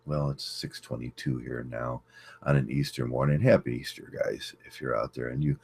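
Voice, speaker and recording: A man hosting a casual livestream, greeting chat viewers and telling a story in a rambling, halting way with many fillers. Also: creaky, darkish tone, slight background noise. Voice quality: very deep voice. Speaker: livestream host.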